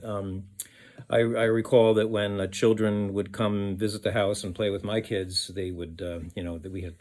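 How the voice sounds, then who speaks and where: A man, a children's musician, telling a story in a rambling, hesitant way with many fillers. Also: on the low side. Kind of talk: casual storytelling with sung song.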